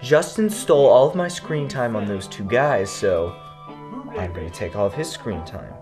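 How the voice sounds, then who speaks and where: A young man in a mock interview, halting and petty, stumbling over his words, with guitar music behind. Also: fairly low pitch, expressive. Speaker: interviewee in a comedy sketch.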